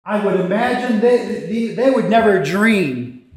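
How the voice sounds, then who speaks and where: A man preaching a sermon as pastor, emphatic, with dramatic pauses and quoted lines acted out. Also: high voice, lively intonation.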